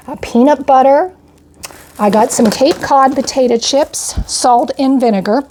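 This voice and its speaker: An older homestead vlogger chattily itemizes each grocery purchase, a bit winded, with frequent "I got" and "went ahead." Her voice runs on the high side and a little mellow, over a slight hiss or hum.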